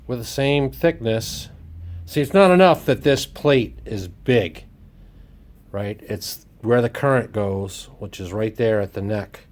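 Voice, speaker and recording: Taking it slowly, a man with a lowish, slightly mellow voice gives casual commentary on his workshop vlog at home. He's a playful DIY host who jokes, exclaims as he works, and drifts into a mock Irish lilt.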